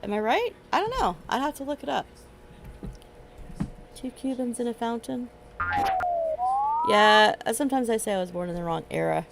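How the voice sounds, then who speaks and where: A woman's voice: medium pitch, big pitch swings, fast, gravelly, hardly any pauses, background noise. A middle-aged woman streaming a game, chatting in a rambling way and laughing often. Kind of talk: casual chat while gaming. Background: game music.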